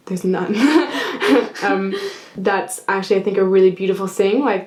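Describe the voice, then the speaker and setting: A woman's voice: lowish voice, a little mellow. A woman guest in a casual political discussion, reflective and thoughtful, with lots of "like" fillers. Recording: echoey room.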